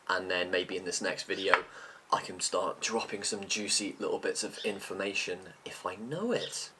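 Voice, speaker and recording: A man's voice: lowish voice, a bit bright, slightly rough. A middle-aged man vlogging in an unscripted, rambling chat about tech, sometimes talking with his mouth full.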